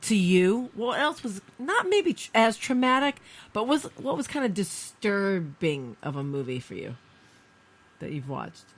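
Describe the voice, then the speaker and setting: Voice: medium pitch, measured pace. A podcast co-host in a studio, chatting casually and animatedly, firing off questions. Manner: animated, asks many questions. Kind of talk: casual chat.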